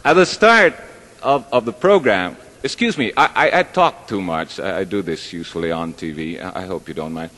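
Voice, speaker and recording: Man, low voice, lively rambling stand-up delivery, long hall reverb. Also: normal speed. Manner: chatty, rambling, self-deprecating. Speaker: stage performer. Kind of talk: live stand-up joke telling. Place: large hall with live audience.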